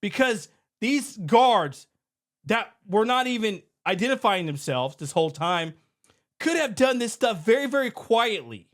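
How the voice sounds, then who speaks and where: A middle-aged man who runs a security company talks through an incident in a high voice at a measured pace. It's a casual commentary podcast, and he comes across as animated and conversational, often repeating himself.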